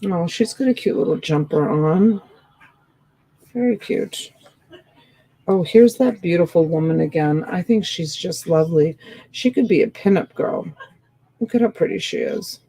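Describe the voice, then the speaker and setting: A woman's voice: fairly low pitch, a little slow, vocal fry, pauses often, warm tone, slightly rough, low-quality recording. A woman hosting a live-stream sale, chatting casually and rambling as she comments, sleepy and yawning.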